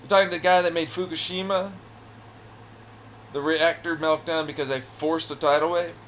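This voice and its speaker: Male solo ranter, higher-pitched than most, hostile and cursing, loud jeers dropping to mutters. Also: fairly even intonation, moderate pace, a little hiss or hum. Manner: profane, taunting and hostile; swings between loud jeers and low muttering. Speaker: audio blogger. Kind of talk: angry solo rant.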